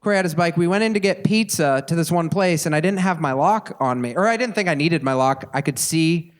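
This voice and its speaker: A man with a notably high voice co-hosts a live podcast on stage. He tells stories in an animated way, laughing and acting out the voices of the people in them. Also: brisk. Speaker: podcast co-host. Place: live stage in front of an audience.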